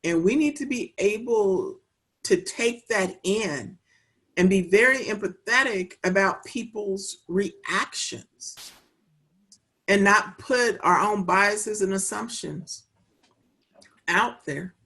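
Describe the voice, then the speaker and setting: A woman who manages child welfare work, guest in a conversational interview, speaking in a measured, earnest way and repeating phrases for emphasis. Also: mid-range voice, fairly bright tone.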